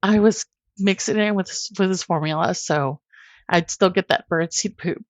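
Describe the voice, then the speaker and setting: Candid mother telling her story, low-voiced. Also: moderate pace, dry recording. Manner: emotional, candid, often laughing at herself. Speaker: podcast guest.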